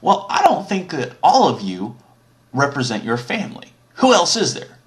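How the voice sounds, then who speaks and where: A man's voice: fairly high pitch, huge pitch swings, normal speed, voice pushed up. A man voicing a brash, vulgar male ruler who bosses and mocks people in a comic retelling, talking in a profane, taunting drawl. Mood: bossy.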